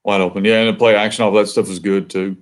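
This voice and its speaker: A man who is a high school head football coach, a guest in a casual coaching chat who often answers with brief, affirming interjections. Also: level tone, quick pace.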